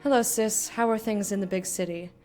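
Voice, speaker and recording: A woman's voice: medium pitch, fairly even intonation, a little fast, a little mellow, soft background music, lightly acted. A woman reading a letter aloud in a put-on British accent as a blunt, chatty young working-class woman writing to her sister. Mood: gossipy.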